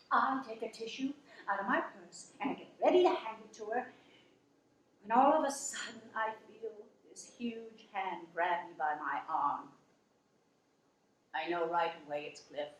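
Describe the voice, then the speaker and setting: Actress playing a slow, earnest wife. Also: female voice, on the high side, reverberant, lightly acted, rough recording. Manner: slow, emotional, earnest retelling. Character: down-to-earth working wife finally standing up. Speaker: actress in a stage monologue. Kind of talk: dramatic monologue storytelling.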